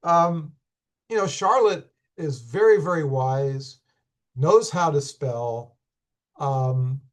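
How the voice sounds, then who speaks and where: A hoarse man teaching a class, unhurried and thinking aloud with many fillers and restarts. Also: a little high. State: hoarse, losing his voice. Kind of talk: recorded class lecture.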